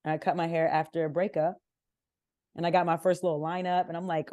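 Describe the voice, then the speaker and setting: A young woman from Southern California tells candid stories as a podcast guest, slipping into her family's voices. Her voice sits a little low, and it is recorded close and dry. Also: fast, no room sound. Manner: candid, animated, acts out family members' lines. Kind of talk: casual interview storytelling.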